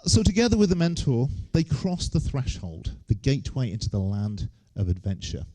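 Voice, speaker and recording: Wry man with lively intonation. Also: medium pitch, moderate pace. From England. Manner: wry, joking asides. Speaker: lecturer giving a talk. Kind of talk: humorous lecture on stage.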